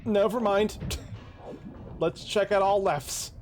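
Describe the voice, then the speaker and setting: A man's voice: sits high, steady tone, takes it slowly, faint music behind. A man casually commenting while playing a video game, muttering directions to himself with sudden surprised exclamations. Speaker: gaming streamer. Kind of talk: casual let's-play commentary.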